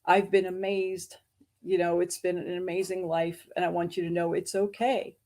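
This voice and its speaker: A woman's voice: fairly low pitch, level tone, moderate pace, a little mellow. A woman hosting an interview, sharing her own experience in a reflective, personal way. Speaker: podcast host. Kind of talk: casual interview chat.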